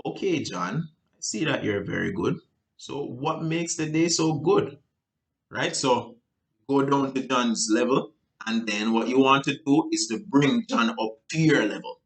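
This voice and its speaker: A man giving a casual sales training talk, looping back with "right?" and restarting sentences, and acting out client exchanges with sudden high and low voices. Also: fairly bright tone. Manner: loose, repetitive, frequent "right?" and restarts; acts out client dialogue with big pitch jumps.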